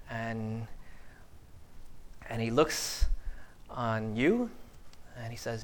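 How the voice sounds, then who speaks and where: A man preaching a sermon in a somewhat high voice. He acts out short scenes and dialogue, swinging from loud, punchy lines to hushed asides. He often repeats words and restarts his sentences as he goes. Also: moderate pace, long pauses. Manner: animated, acts out dialogue with big swings in loudness.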